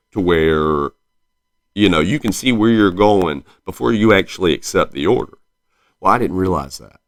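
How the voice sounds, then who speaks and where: A man in his thirties with a low voice and a light Southern twang talks casually on a solo podcast. He rambles and stops to correct himself mid-sentence. His voice sounds close and dry, with no room around it. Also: fairly bright tone, no echo. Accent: slight Southern US twang. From South Carolina. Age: 30s. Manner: rambling, self-correcting storyteller. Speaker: podcast host.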